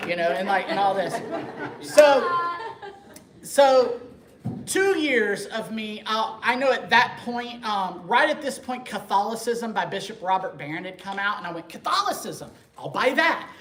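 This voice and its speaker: A man telling his conversion story to a parish group in a lively, joking, conversational way. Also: high voice, measured pace. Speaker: speaker giving a conversion testimony. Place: church meeting room. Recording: echoey room, faint background noise.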